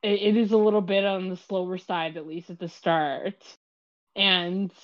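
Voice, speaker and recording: A woman's voice: fairly low pitch, fairly even intonation, moderate pace, dull audio. A woman co-hosting a casual podcast, hesitant, restarting sentences and laughing often. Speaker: podcast co-host. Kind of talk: casual chat.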